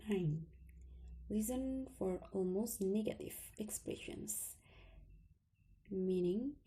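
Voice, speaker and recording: A woman presenting an English test lesson, slowly listing rules and example phrases. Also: medium pitch, warm tone, low-quality recording. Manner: slow listing reading, some words whispered. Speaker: student presenter. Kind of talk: reading lesson slides.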